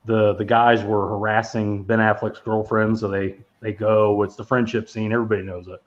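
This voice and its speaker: A man's voice: fairly low pitch, level tone, moderate pace, dull audio. Profane, rambling man reviewing movies. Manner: rambling, profane, laughs often. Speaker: podcast co-host. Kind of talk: casual movie review chat.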